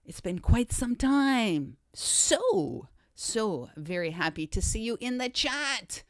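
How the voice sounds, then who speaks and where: A Canadian woman hosts an upbeat, casual livestream chat, greeting viewers by name and repeating her catchphrases. Her fairly high voice swings widely in pitch and moves slowly. The audio is clean studio sound with no room noise.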